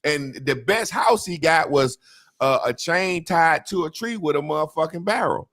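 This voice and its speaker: A man's voice: on the high side, moderate pace, no echo. Profane storytelling man in a dry room. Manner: profane, rambling storytelling with animated impressions. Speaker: podcast host. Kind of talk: casual chat.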